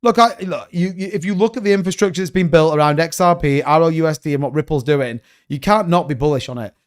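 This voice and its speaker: A man's voice: on the high side, fast talker. A man hosting a crypto livestream, rambling and blunt, cursing freely in casual chat.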